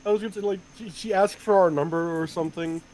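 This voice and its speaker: Fast-talking young male co-streamer. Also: high-pitched, steady tone, darkish tone, low-quality recording. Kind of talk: casual chat commentary.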